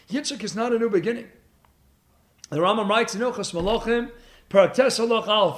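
A man giving an animated Torah lecture, full of rhetorical questions and Hebrew terms. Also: very high voice, roomy sound. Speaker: rabbi giving a Torah class.

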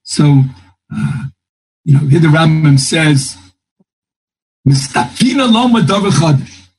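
A man's voice: fairly high pitch, animated, slow pace, a little mellow, slight background noise, rough recording. A man teaching a Talmud class, thinking aloud and quoting texts in a lilting singsong. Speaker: Torah teacher.

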